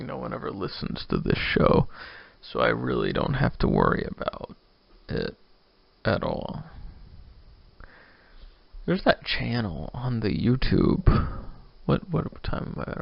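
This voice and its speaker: A drunk man in his twenties rambles through his own solo podcast, joking at his own expense. His medium-pitched voice is creaky, and the recording is dry and lo-fi.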